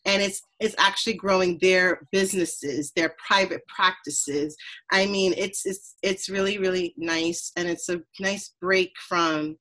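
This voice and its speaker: A woman from Trinidad, hosting a podcast, telling her story in an earnest, animated casual conversation. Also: on the low side, measured pace, low-quality recording. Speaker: podcast host.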